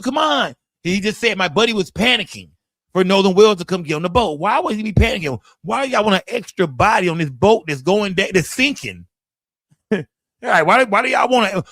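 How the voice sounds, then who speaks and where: A man doing casual livestream commentary, profane and animated, firing off rhetorical questions to his chat. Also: sits high, no echo.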